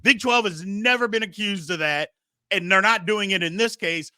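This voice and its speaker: A man's voice: high voice, normal speed, bright, forceful tone, no room sound. A male sports talk show host making heated, emphatic points with rhetorical questions.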